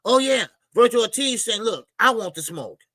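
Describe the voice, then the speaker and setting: A man's voice: very high voice, lively intonation, moderate pace, dry recording. A man hosting a casual boxing livestream, laid-back and chatty, greeting viewers by name and laughing often. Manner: loose, shout-outs to chat, laughs often.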